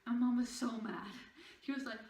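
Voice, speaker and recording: A woman's voice: a little high, moderate pace, a little mellow, distant mic, slight background noise. Indignant young woman telling a story. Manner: indignant, rambling, swearing. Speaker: vlogger. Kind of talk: casual storytime. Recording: echoey room, voice away from mic.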